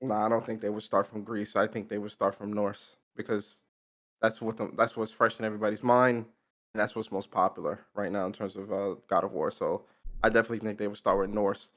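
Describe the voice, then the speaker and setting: A man's voice: on the low side, flat delivery, brisk, fairly bright tone. A man co-hosting a casual gaming podcast, laid-back, blunt and freely profane. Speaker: podcast co-host.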